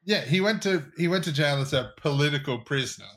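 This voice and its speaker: Fired-up, swearing podcast host. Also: male voice, fairly high pitch, animated, quick pace, a bit bright. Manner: fired-up ranting, swears freely. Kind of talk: casual podcast chat.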